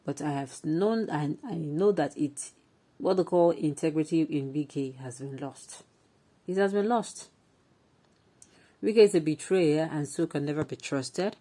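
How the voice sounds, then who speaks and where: A woman with a Nigerian accent presenting a news story and adding opinionated, animated commentary. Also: low-pitched, measured pace. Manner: opinionated, animated, chatty asides.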